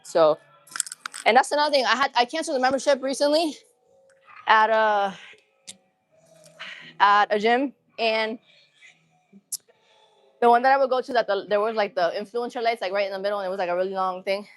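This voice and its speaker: A woman's voice: fairly high pitch, a little fast, long pauses, dry recording, soft background music. Chatty hyped woman streaming from a gym. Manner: chatty, hyped, slangy, greets chat constantly. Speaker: livestreamer. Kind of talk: casual livestream chat while working out. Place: empty gym.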